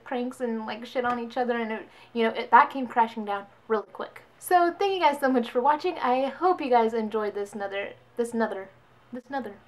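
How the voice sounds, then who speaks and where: A young woman vlogger speaks directly to her viewers in a relaxed, chatty storytime style. Her voice is slightly high-pitched, and she animatedly slips into quick impressions of the people she's describing.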